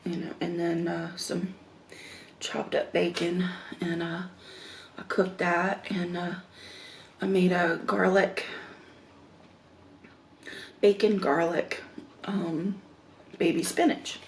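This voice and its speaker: A woman chats casually in a slow, rambling way, trailing off into fillers as she eats. Her voice is gravelly and sits low. Faint room noise hums behind her. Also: level tone. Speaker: mukbang vlogger. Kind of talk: casual chat while eating.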